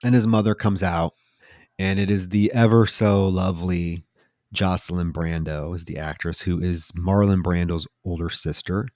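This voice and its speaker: A man's voice: deep voice, unhurried, dry recording, studio quality. A man co-hosting a film podcast, casually recapping the plot and acting out the characters' lines. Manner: animated retelling with loud shouted quotes of film lines. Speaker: podcast co-host. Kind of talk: casual film-review chat.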